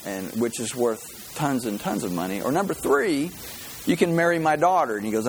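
A man's voice: on the high side, big pitch swings, normal speed, a little hiss or hum, low-quality recording. A man preaching a sermon as pastor, in a folksy storytelling way with many fillers and restarts.

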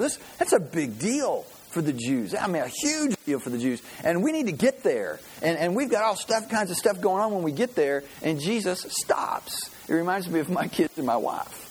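A man preaching a sermon, telling stories with animated energy and acting out the voices. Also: high voice, normal speed, hardly any pauses, slightly rough, poor audio. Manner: animated storytelling, acts out voices. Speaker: pastor.

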